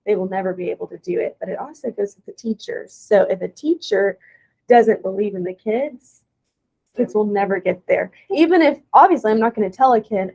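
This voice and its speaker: A woman's voice: medium pitch, a little fast, vocal fry, a little mellow, low-quality recording. A young woman teacher giving a casual presentation to teaching aides, with plenty of "um"s along the way. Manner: casual, with many "um"s and "y'all".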